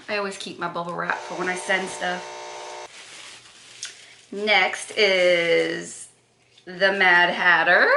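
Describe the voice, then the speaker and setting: A woman's voice: on the low side, gravelly, pushed and bright, slight background noise. A woman doing a casual makeup unboxing, chatty and gushing, with gasps and self-corrections. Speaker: beauty vlogger. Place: echoey room. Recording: roomy echo.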